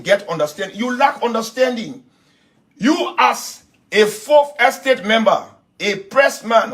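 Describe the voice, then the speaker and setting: A man with a high-pitched voice makes a combative political speech on the air. He repeats words and trips over names as he pushes his points. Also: a bit bright. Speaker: political speaker on the radio.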